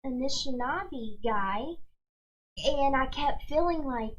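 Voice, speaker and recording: A woman's voice: fairly high pitch, moderate pace, slight background noise, low-quality recording. A young woman hosting a casual livestream who tells stories in a chatty way, full of "like" and "y'all". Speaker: host and tarot reader.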